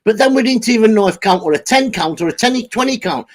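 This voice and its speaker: A man's voice: high voice, animated, fast. A middle-aged man, rambling and swearing as he chats with his live stream viewers. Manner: sweary, laughs often, talks to chat by name.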